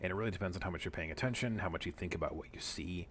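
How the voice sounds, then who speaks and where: A deep-voiced man talks through his game stream in a loose, wandering way, full of ums and side remarks. A faint hiss sits under his voice. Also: very fast, a bit bright. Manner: rambling, many fillers and asides. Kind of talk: casual gameplay commentary.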